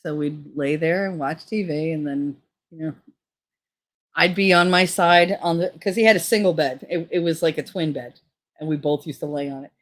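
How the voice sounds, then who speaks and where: A woman's voice: low-pitched, fairly even intonation, normal speed. A woman hosting a casual livestream, telling frank, profane stories and reading out chat comments. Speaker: streamer host.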